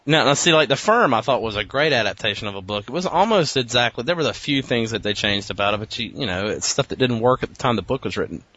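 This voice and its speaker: A man's voice: mid-range voice, animated, fast talker, hardly any pauses, pushed and bright, dry recording. Chatty joking man on a podcast. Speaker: podcast co-host. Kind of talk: casual chat. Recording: dry, dull lo-fi sound.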